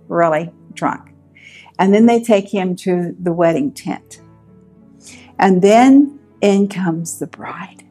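A woman with a husky voice tells a Bible story dramatically. She speaks slowly, repeating words for weight. Faint music sits behind her. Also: mid-range voice, mellow. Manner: vivid, repeats words for emphasis. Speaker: Bible teacher.

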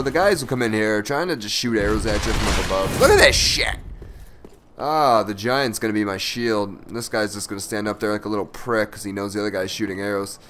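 A man giving live commentary over his own gameplay, excitable and profane, breaking from low muttering into loud yelps.

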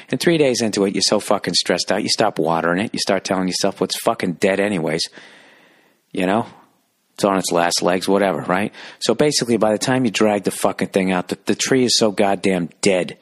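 A man hosting a podcast, telling a rambling, profane comic story and jumping into loud high voices for the people he quotes. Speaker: podcast host. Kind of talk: solo comedic rant.

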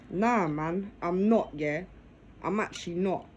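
Eating dinner in her living room, a woman chats casually to a phone propped in her lap, adding "yeah?" to nearly everything she says. Her voice is fairly low and darkish, her pace measured. It's a rough recording with some hiss or hum.

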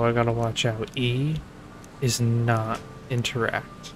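Sarcastic, swearing gaming host. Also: male voice, mid-range voice, flat delivery, slow, noisy background. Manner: profane, joking, sarcastic. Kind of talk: casual gameplay commentary.

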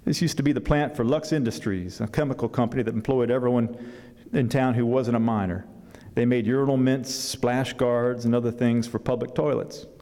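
A man's voice: mid-range voice, fairly even intonation, a little fast, warm tone, long reverb tail, lightly acted. A man doing a wry old country vet. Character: grandfather veterinarian, wry and easygoing older man.

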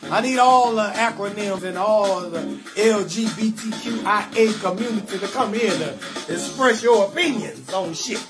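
A man hosting a live comedy call-in show, telling stories loudly and animatedly, acting out both sides of conversations and cutting in with blunt refusals. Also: high-pitched, normal speed, over music. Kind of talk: loud storytelling comedy rant.

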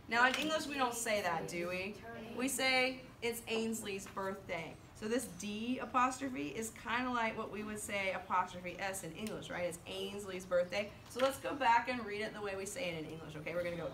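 A woman French teacher leading her class, counting down and reading aloud slowly in chorus with the students, then explaining in a brisk, lively way. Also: medium pitch, crowd noise. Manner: animated, leads choral reading with slow drawn-out words and countdowns. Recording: echoey classroom from far off.

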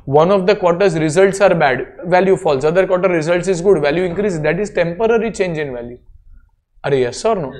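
A man's voice: a little high, darkish tone. A man with an Indian accent giving a classroom accounting lecture, explaining step by step and checking in with students.

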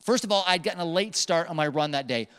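A man preaching a sermon as a pastor, telling a personal story in an animated way with emphatic repetitions. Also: fairly high pitch, fast talker, clean tone. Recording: long hall reverb.

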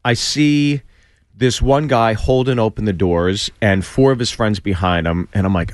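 A man's voice: fairly low pitch, moderate pace, no echo, studio quality. A man, a stand-up comedian, telling a story on a radio show and acting out the voices of the people in it, with lots of restarts. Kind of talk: animated storytelling. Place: radio studio. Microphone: studio mic.

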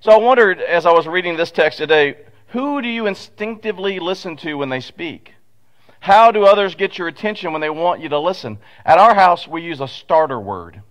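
A man preaching from the pulpit of a church, with a pulpit microphone. He talks in a folksy, storytelling way, full of asides and rhetorical questions to the congregation, and his voice sits a little on the higher side for a man. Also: expressive, a little fast. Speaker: pastor. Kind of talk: conversational sermon. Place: church sanctuary.

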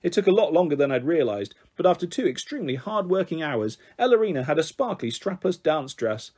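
A man reads a children's book aloud in a gentle, expressive storytelling manner. His voice sits fairly high for a man. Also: fairly quick, breathy edge.

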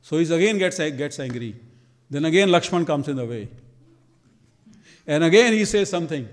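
A man recounts a devotional tale in a temple hall, slipping into the characters' voices for their lines. His voice sits a little high for a man, and the room gives it a long, ringing reverb. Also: normal speed, pauses often. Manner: lively storyteller, acts out quoted dialogue. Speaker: temple speaker. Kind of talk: storytelling sermon.

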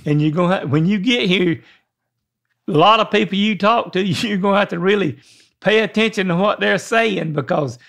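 A man's voice: high voice, moderate pace, gravelly, a bit bright. An older man with a thick Southern accent, hosting a podcast in folksy casual chat and repeating words as he thinks. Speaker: podcast host.

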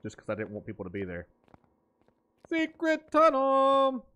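A man's voice: low-pitched, little pitch movement, very fast. A man streaming a game, joking and riffing in playful banter with his chat. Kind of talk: gaming stream commentary.

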